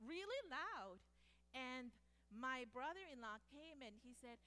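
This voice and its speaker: A woman's voice: high-pitched, moderate pace. A woman whose first language is Spanish, telling personal stories to a listening group and acting out the people in them. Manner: expressive, acts out the people in her stories. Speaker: speaker and former medical interpreter. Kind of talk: personal storytelling talk.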